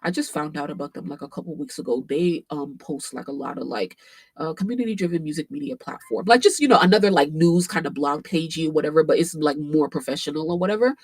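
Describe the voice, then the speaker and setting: A woman hosting a casual commentary livestream, animated and swearing freely, with AAVE speech and frequent fillers. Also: low-pitched, fast, slightly rough, no room sound. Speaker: livestream host.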